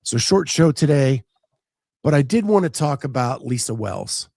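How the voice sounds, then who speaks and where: A man's voice: medium pitch, lively intonation, moderate pace, gravelly, darkish tone, no room sound, studio quality. A man hosting a casual talk show, chatting loosely with plenty of fillers and restarts. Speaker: podcast host. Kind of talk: casual chat.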